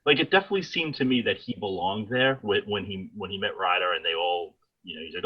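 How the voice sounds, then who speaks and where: A man's voice: deep voice, fast, few pauses, breathy edge, highs cut off. A man co-hosting a casual film review podcast who talks animatedly and acts out scenes in quoted voices. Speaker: podcast co-host.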